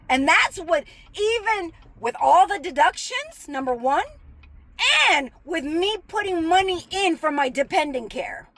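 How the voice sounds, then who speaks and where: A woman's voice: very high voice, a bit bright, low-quality recording. A woman venting in an angry, profane monologue, bitter and sarcastic, hammering her points with emphasis.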